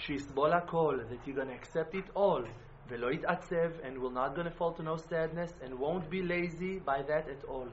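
Man, emphatic religious teacher; high-pitched, faint background noise on a muffled recording. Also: normal speed, few pauses. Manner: emphatic, swings from loud exclamations to quiet intensity. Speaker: Breslov Hasidic teacher. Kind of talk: impassioned religious talk.

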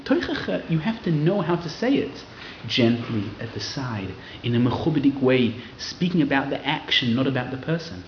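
A man giving a lively Torah class to a live audience, acting out quoted people in raised voices. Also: fairly high pitch, slight background noise. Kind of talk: lively sermon-style Torah lecture. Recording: roomy, slightly dull hall recording.

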